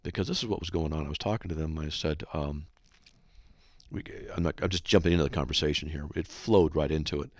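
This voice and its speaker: Male radio host, low and dry, exhorting listeners with lively ups and downs. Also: fast talker, dry recording. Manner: earnest, exhorting. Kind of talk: Christian radio monologue.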